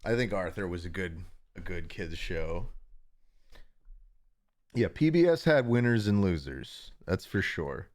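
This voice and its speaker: A young man chats casually to his livestream audience from home. His voice sits on the low side, and he rambles, chuckles often and trips over his own restarts. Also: expressive, a little slow, long pauses, darkish tone, no room sound, studio quality. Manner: rambling, chuckling, self-interrupting. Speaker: livestream host.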